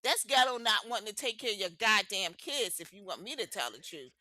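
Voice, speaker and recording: A woman's voice: medium pitch, sing-song, fairly quick, sharp tone, no room sound. A woman co-hosting a podcast, talking in a blunt, emphatic way and swearing freely. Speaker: podcast co-host. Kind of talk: casual opinionated chat.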